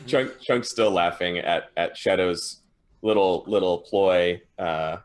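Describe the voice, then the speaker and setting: Male player, low voice, laid-back. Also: slow pace. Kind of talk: casual tabletop play.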